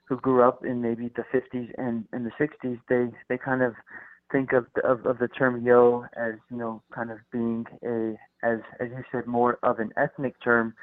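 A man's voice: medium pitch, dry recording. A man from the United States, a food company founder, talks as a guest in a casual radio interview, hesitant and full of restarts and fillers. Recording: tinny phone line.

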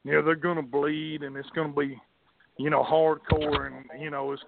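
Man, gravelly and fairly high-pitched, profane rambling storyteller, tinny phone line. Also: flat delivery, normal speed, crowd noise. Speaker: wrestling promoter, guest. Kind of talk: casual storytelling.

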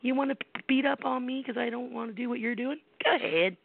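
Over a tinny phone-line sound with a dry recording, a fairly high-pitched, gravelly woman talks fast. She's a middle-aged psychic medium from the United States running a call-in show, sharing personal stories emphatically and bluntly, full of rhetorical questions and salty language.

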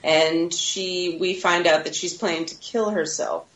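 A woman with a somewhat low voice co-hosts a casual podcast chat. She retells a film's plot scene by scene, often laughing and acting out quoted lines. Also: steady tone, measured pace, fairly bright tone, dull audio. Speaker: podcast co-host. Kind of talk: casual movie recap chat.

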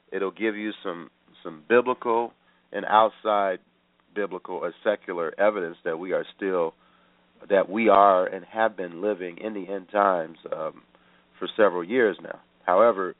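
Low-voiced man hosting Bible radio by phone. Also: dry recording. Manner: earnest, repeats himself with fillers. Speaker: radio Bible program host. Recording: tinny phone-line sound.

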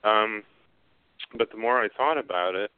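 A male author being interviewed, speaking haltingly with many fillers and restarts. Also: on the low side, clear, resonant tone. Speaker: author guest. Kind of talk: casual interview talk. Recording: phone line.

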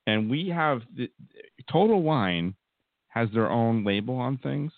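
A man's voice: medium pitch, expressive, unhurried, dry recording. A man co-hosting a podcast, chatting in an easygoing, hesitant way with trailing sentences. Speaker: podcast co-host. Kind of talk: casual chat. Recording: tinny phone-like sound.

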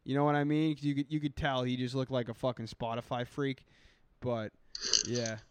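A man's voice: medium pitch, level tone, normal speed, noisy background. Man swearing in loose podcast banter. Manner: profane, joking, talks to his cats on air. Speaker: podcast co-host. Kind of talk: casual crude podcast chat.

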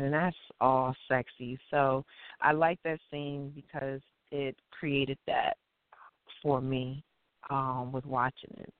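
A woman's voice: very deep voice, clear, resonant tone, dry recording. A woman hosting a call-in talk show, chatting playfully and giggling often with many fillers, heard over a phone line. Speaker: radio talk show host. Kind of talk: casual call-in show chat. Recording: dry tinny phone line.

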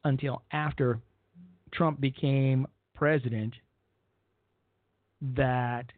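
A man's voice: mid-range voice, fairly even intonation, very slow, no echo. Blunt talk-radio host, man on a narrow line. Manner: blunt, rambling, repeats himself. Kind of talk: opinionated talk radio monologue. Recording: dry, phone-like narrow sound.

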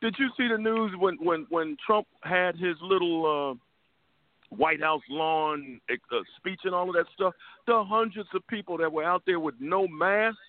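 A man's voice: high-pitched, unhurried, no echo. Heated, stammering talk-radio man. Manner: stammering repetitions, heated and profane. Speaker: radio show co-host. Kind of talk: casual political talk radio. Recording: tinny phone line.

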